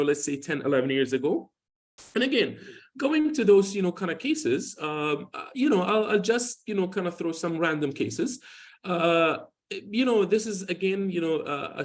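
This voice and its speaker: This is a dermatologist in his forties giving a hospital lecture, his voice a bit high. He rambles, looping back with "you know" and restarting often, and tells stories about patients in a loose, informal manner.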